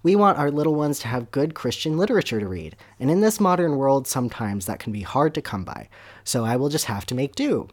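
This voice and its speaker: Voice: mid-range voice, very animated, brisk, a little mellow. A podcast host reading a book aloud with laughing, sarcastic asides.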